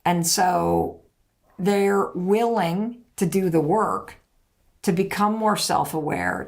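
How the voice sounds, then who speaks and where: A woman's voice: lowish voice, creaky. A woman hosting a podcast, giving direct, emphatic motivational advice and acting out what partners say. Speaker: podcast host.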